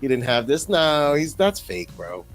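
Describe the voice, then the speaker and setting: A man's voice: on the high side, a little slow, soft background music. A middle-aged man co-hosting a podcast, chatting casually and telling stories with plenty of profanity. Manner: animated storytelling with crude profanity. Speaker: podcast co-host. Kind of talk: casual chat.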